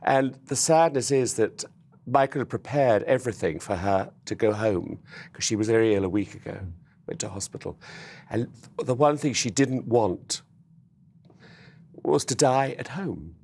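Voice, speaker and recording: Male studio guest, rambling and warm, mid pitch. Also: moderate pace, gravelly. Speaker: studio guest, friend of the deceased. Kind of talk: emotional studio interview. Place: TV news studio.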